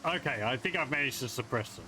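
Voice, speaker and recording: A man's voice: medium pitch, expressive, fast, background noise. A man casually commenting as he plays a video game, musing aloud in a wry, self-amused way. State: has the hiccups. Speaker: let's play gamer.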